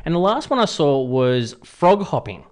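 A man's voice: on the high side, big pitch swings, moderate pace, a little mellow. A man co-hosting a drive-time radio show, bantering casually and teasing his co-host with frequent laughs. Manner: joking, teasing, laughs often.

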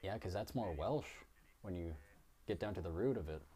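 Rambling, cursing podcast bro. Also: male voice, low-pitched, expressive, dark tone. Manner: rambling, quick to correct others, swears casually. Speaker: podcast co-host. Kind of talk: casual chat.

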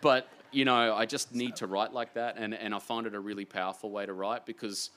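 Excitable rambling Australian man. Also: lowish voice, brisk. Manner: excitable, rambling, self-deprecating. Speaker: author guest. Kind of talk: casual interview chat.

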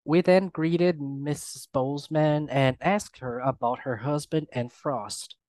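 A man with a put-on American accent, reading a story aloud as a podcast narrator in a steady, measured way. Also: a little high, no room sound. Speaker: podcast co-host and reader. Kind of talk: audiobook narration.

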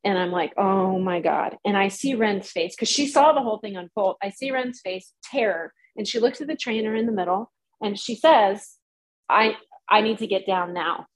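A woman co-hosting a podcast, telling a rambling, animated story in casual chat. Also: medium pitch, normal speed, poor audio. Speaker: podcast co-host.

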